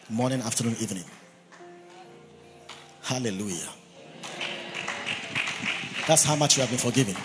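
A man's voice: medium pitch, a little hiss or hum. A man preaching a sermon, emphatic, who repeats key words and has the congregation say phrases after him. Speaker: pastor. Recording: long reverb of a large hall.

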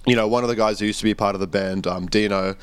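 A man's voice: fairly low pitch, steady tone, fast talker, smooth, no room sound. A young man, telling stories as a podcast guest in a rambling, casual way full of fillers. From Australia. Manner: rambling storyteller, many fillers and restarts. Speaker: guest musician.

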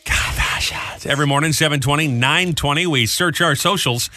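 A man's voice: fairly high pitch, brisk, sharp tone. A man co-hosting a morning radio show, joking and running the segments. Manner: jokey, plays host and runs segments.

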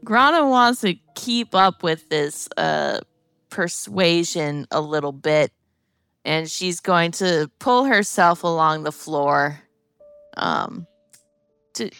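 A woman's voice: fairly low pitch, animated, slow, creaky, a bit bright, clear, resonant tone, dry recording, faint music behind. A woman playing a tabletop game, playful and chatty. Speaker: player. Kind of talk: casual tabletop play.

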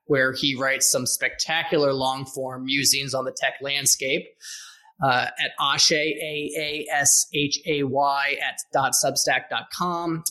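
A man's voice: mid-range voice, flat delivery, unhurried, bright, forceful tone. A man hosting a casual podcast interview, teasing his guest with joking banter. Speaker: podcast host.

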